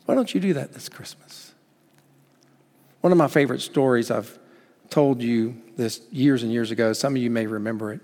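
A man preaching a sermon as pastor, urging his listeners on and telling a story in lively acted quotes. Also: medium pitch, moderate pace. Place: church sanctuary. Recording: long hall reverb.

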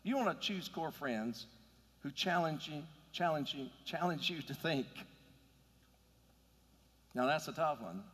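A man's voice: mid-range voice, in a large hall. A man preaching a sermon in an earnest, conversational way, building to emphatic points. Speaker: pastor.

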